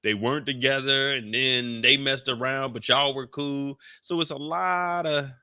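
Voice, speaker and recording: A man's voice: medium pitch, steady tone, measured pace, bright, forceful tone, clean tone, dry recording, clean studio sound. A man hosting a TV recap channel, talking casually and slangily, joking and addressing his viewers directly. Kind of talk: casual, animated video commentary.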